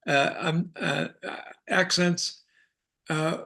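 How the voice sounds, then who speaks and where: A man's voice: fairly high pitch, fairly even intonation, creaky, sharp tone. Older man telling rambling stories. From Arkansas. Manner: meandering, halting delivery with frequent chuckles. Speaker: actor, interview guest. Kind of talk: casual anecdotal storytelling.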